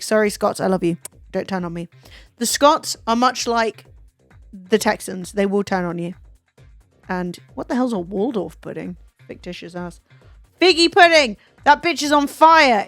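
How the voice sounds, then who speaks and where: A young woman from England chats casually on a stream, her voice a little high with some vocal fry. She is animated and jokey, swearing freely and tossing in joking asides, and the audio has no echo.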